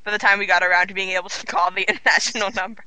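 Amused woman podcasting, bright voice, dead dry sound. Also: mid-range voice, fairly even intonation, racing, no echo, poor audio. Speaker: podcast co-host. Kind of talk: casual podcast chat.

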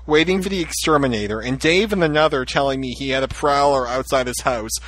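A man's voice: medium pitch, a little fast, a bit bright, no echo, low-quality recording. Teasing male podcast host, dry sound. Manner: teasing, reads out listener messages. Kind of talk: casual chat.

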